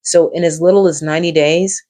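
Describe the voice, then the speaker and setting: A woman hosting a live coaching stream, encouraging and repetitive, reacting warmly to viewers in the chat. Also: sits low, fairly quick. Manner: encouraging, repeats phrases, lively reactions to viewers.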